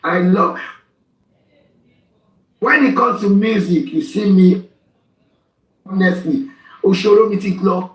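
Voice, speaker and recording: A man hosting a live group talk. He is animated and loud and mixes languages freely. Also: high-pitched, slow pace, long pauses, reverberant, recorded from a distance, poor audio.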